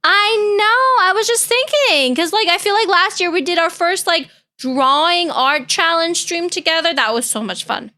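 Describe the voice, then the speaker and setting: A woman's voice: extremely high pitch, animated, normal speed, hardly any pauses, pushed and bright. A young woman streamer chatting casually and playfully with her viewers, caring and chatty. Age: young adult. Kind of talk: casual reaction-stream chat.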